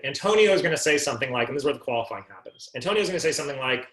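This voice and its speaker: A man's voice: mid-range voice, racing, hardly any pauses. Jokey man coaching a room, echoey. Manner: animated, jokey, acts out dialogue. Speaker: sales and business trainer. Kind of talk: live training talk to an audience.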